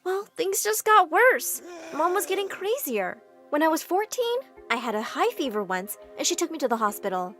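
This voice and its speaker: A woman with a high, lively voice narrates a first-person story in an expressive, scripted way. Her pitch swings widely, with soft music faintly beneath. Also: moderate pace, hardly any pauses.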